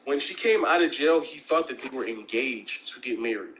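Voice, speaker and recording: Animated man telling stories casually. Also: normal speed, slight background noise, rough recording. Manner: animated, acts out quoted voices with big pitch jumps. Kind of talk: casual storytelling chat.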